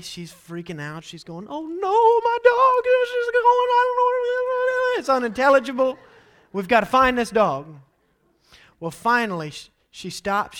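A man in his thirties, a pastor giving a sermon with animated storytelling. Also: high-pitched. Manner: animated storytelling, acts out quotes loudly.

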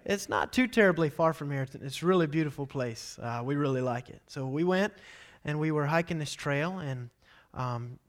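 A man in his thirties, a pastor giving a sermon with animated storytelling. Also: a little high, normal speed. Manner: animated storytelling, acts out quotes loudly.

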